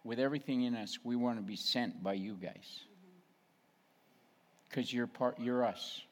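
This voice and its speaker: A man's voice: medium pitch, unhurried. A middle-aged man, a pastor, talking plainly and frankly in a casual ministry talk and asking his listeners directly.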